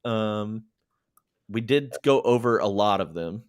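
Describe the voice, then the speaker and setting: A man in his thirties hosting a casual movie review chat, relaxed, laughing often and steering with questions. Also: fairly low pitch, takes it slowly, clear, resonant tone. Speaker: podcast host.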